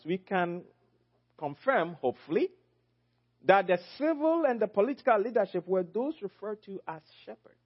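A man preaching a sermon, emphatic, swinging from loud high exclamations to low quiet phrases. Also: lo-fi sound.

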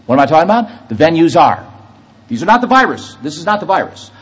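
A man's voice: a little high, very animated, fast, slightly rough, highs cut off. A man preaching a sermon, telling an anecdote and then building to emphatic preaching. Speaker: pastor.

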